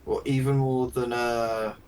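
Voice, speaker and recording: A man's voice: mid-range voice, flat delivery, measured pace, darkish tone. A man chatting casually while playing a game co-op, making dry, teasing jokes. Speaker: co-op player. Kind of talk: casual gaming chat. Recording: hissy noisy mic.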